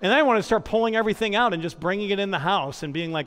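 A man's voice: high-pitched, rapid-fire, fairly bright tone. A man preaching a sermon as pastor, building points through repetition and personal stories. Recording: long hall reverb.

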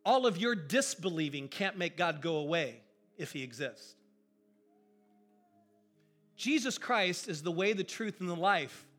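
High voiced guy preaching a sermon, bright and punchy, talks right to you. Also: unhurried, pauses often, faint music behind. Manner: animated, emphatic, conversational preaching. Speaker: pastor.

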